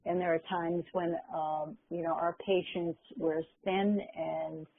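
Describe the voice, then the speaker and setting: Older woman, husky low voice on a phone line. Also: flat delivery, a little slow, no echo. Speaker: guest minister and spiritual teacher. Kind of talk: conversational storytelling.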